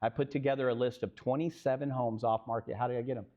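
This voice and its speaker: A real estate co-founder with a Texan accent speaks quickly in a mid-range voice, and the recording's highs are cut off. On a live stage panel he tells a business story with animation, voicing the dialogue and quizzing the crowd.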